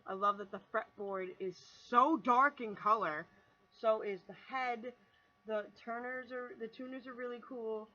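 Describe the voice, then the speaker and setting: A young woman in her twenties telling a rambling, animated story on her vlog, swearing freely and restarting sentences as she goes. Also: on the high side, dull audio. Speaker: vlogger.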